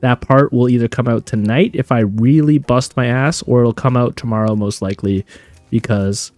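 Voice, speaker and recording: A man's voice: mid-range voice, expressive, a little fast, darkish tone, dry recording, faint music behind. A man live-streaming a game, talking chattily and answering viewers' questions as he plays. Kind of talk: live gameplay stream commentary.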